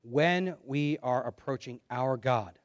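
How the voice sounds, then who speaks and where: A man preaching a sermon and reading scripture aloud, moving between quiet asides and loud, dramatic passages. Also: mid-range voice, slow pace, no room sound, muffled recording. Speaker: pastor.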